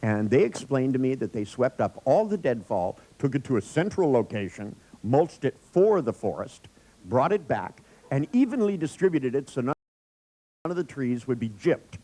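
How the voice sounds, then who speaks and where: Male workshop leader, irreverent anecdotal style, quick to laugh at his own stories. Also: mid-range voice, sing-song, warm tone. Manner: joking storyteller, laughs often; blunt, irreverent. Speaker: workshop trainer. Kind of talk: live workshop lecture. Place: workshop room with audience.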